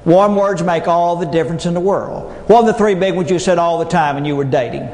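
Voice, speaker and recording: A man's voice: a little high, fairly quick, a little mellow. A middle-aged man, giving a humorous motivational keynote with folksy stories and punchlines. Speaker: motivational speaker. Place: large hall before an audience. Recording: echoey hall with long reverb.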